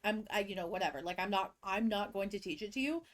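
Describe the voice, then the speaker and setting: A young woman with a stuffed-up cold co-hosts a casual podcast. She tells school stories with lively energy and slips into her students' voices. Her pitch sits in an ordinary middle range. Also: fast talker. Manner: animated storyteller who acts out kids and teachers. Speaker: podcast co-host, teacher. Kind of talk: casual chat, storytelling.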